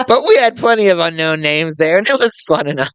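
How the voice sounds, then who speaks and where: A man's voice: on the high side, lively intonation, fairly quick, fairly bright tone, clean tone, no echo. Rambling podcast host man. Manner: rambling, restarts and hedges. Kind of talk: casual podcast chat.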